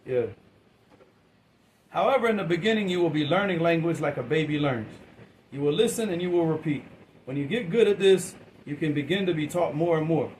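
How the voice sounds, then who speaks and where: A man's voice: on the high side, brisk, long pauses, darkish tone, a little hiss or hum, rough recording. A man giving a classroom lecture, asking his students questions and waiting for answers, often repeating and restarting words in an informal way. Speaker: teacher.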